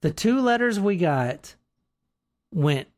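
Co-host, woman, casual true-crime chat, lively melodic delivery, blunt and profane. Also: on the low side, takes it slowly. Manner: animated, profane, acts out quotes in mocking voices. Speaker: podcast co-host.

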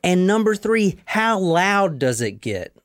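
A podcast host tells a history story in a relaxed, emphatic way, with a mid-pitched voice. The sound is dry and close, with no room around it. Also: takes it slowly, dry recording. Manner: storytelling, emphatic, casual with profanity. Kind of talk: casual explainer talk.

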